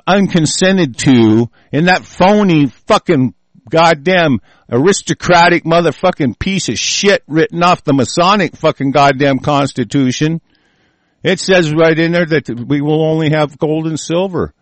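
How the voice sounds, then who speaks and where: A man's voice: on the high side, a little slow, no room sound. A man hosting a talk show, delivering a furious, profane and confrontational political rant.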